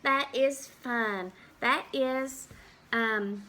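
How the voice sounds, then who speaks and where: Brief slow, bright-voiced woman reading aloud. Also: fairly high pitch, slight background noise. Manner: acts out animal and farm sounds, asks children questions. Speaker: teacher reading to children. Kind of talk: read-aloud storytime with explanations.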